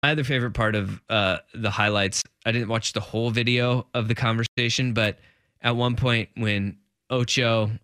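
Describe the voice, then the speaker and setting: A man's voice: mid-range voice, fairly even intonation, normal speed, sharp tone, smooth, no room sound, clean studio sound. A man hosting a casual sports talk show, laughing easily and acting out quoted voices.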